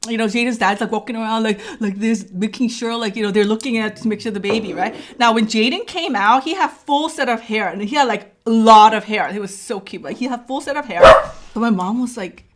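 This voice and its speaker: A woman's voice: fairly high pitch, fairly quick. A woman vlogger telling a personal story in a casual way. She acts out the dialogue and keeps checking in with "right?".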